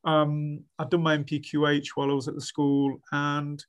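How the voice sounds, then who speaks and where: A man's voice: a little high, normal speed, clean tone, muffled recording. A man, a head teacher being interviewed, chatting animatedly with many restarts and acting out what others said. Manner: animated storyteller, many restarts, acts out quoted speech. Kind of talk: casual podcast interview.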